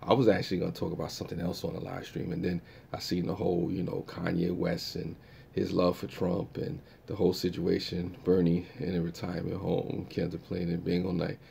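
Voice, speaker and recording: A man's voice: sits low, monotone, a little fast, gravelly, dark tone, slight background noise. A man hosting a live stream, chatting casually and reacting to viewer comments in a laid-back way.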